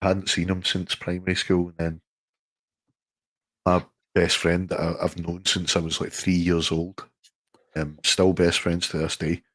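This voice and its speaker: A man's voice: low voice, level tone, unhurried, fairly bright tone, no echo. A Glaswegian man co-hosting a live stream, telling stories in casual chat, swearing and laughing often. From Scotland.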